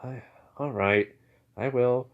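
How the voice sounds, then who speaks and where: Guy doing a worried mom, doting and fretful, quiet voice. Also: medium pitch, takes it slowly, phone-quality sound. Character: worried, doting mother of a grown son.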